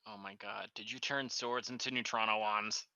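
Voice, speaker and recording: A man playing in a tabletop game, excitable and quick to react. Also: fairly low pitch, highs cut off. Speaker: player.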